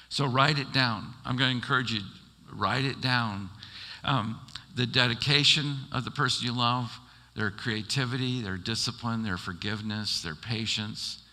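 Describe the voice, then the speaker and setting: A man's voice: mid-range voice, bright, forceful tone. A man pastor preaching a sermon, telling stories animatedly and acting out the people he quotes. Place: church sanctuary. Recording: long church hall reverb.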